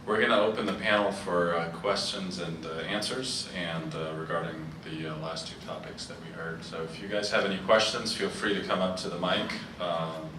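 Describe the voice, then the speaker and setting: A man moderating a workshop panel, opening the floor with many pauses and fillers. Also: deep voice, fairly even intonation. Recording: echoey hall, distant mic, noise.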